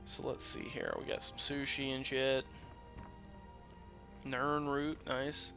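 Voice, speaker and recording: A man hosting a let's play with casual, crude commentary, swinging between loud excitement and quiet asides. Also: medium pitch, slow, faint music behind. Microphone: desk microphone that peaks. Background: game audio.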